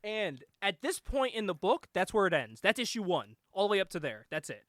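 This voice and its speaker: A young man co-hosting a casual show, excitedly retelling a movie plot, laughing often, swearing and acting out the lines. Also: high-pitched, a little fast, dry recording, studio quality. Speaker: podcast co-host.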